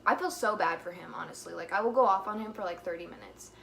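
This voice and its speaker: A woman's voice: lowish voice, fast talker, vocal fry, fairly bright tone, slight background noise. A young woman rambling in a casual vlog, filling her talk with "like" and "you know", a little out of breath. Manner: chatty, many fillers like "like" and "you know". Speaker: vlogger.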